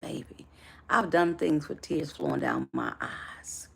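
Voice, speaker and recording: A woman's voice: sits low, huge pitch swings, unhurried, gravelly, breathy edge. A woman life coach giving a motivational live talk to her viewers, affectionate and preacher-like in her encouragement.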